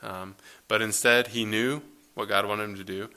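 A man preaching a conversational sermon, reading scripture aloud and then explaining it in a relaxed way with fillers. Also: fairly low pitch, normal speed.

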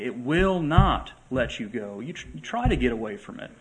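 A male pastor preaching a sermon to his church, earnest, slowing and swelling when he reads scripture aloud. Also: medium pitch, lively intonation, rough recording. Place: church sanctuary.

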